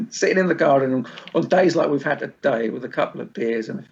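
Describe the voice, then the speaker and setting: A laid-back man chatting on a podcast, his voice husky and full of gravelly fry. He sits a touch higher in pitch than most men, and he swears and laughs easily. The recording sounds dull and lo-fi. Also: wildly swooping pitch, fairly quick. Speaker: musician guest. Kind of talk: casual podcast chat.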